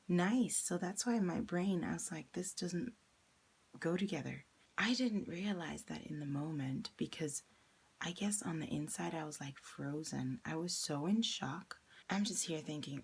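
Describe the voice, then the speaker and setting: A woman's voice: deep voice, moderate pace, darkish tone, husky. A young woman candidly recounting a personal experience in a vlog, acting out the quoted lines as she retells them. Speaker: vlogger.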